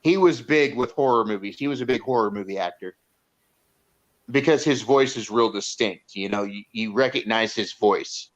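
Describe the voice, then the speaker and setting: This man, co-hosting a casual movie review podcast, speaks at a moderate pace in a lowish voice. He retells scenes in a rambling way, full of fillers and restarts, and the recording has a dull lo-fi sound.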